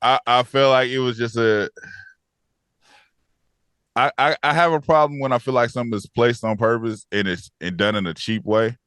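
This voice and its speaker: A man's voice: medium pitch, normal speed, a bit bright, smooth, dry recording, studio quality. A man co-hosting a movie review podcast, picking apart a film with critical remarks, stammered restarts and frequent laughter. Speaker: podcast co-host. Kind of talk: casual movie review chat.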